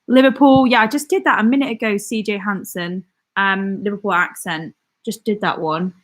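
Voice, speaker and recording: A young woman hosts a relaxed live stream at a middle pitch. She reads viewers' comments aloud and answers each one in an easy, chatty way. She laughs often and corrects her own words as she goes. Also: moderate pace. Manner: often laughs and corrects herself mid-sentence. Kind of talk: casual live-stream chat.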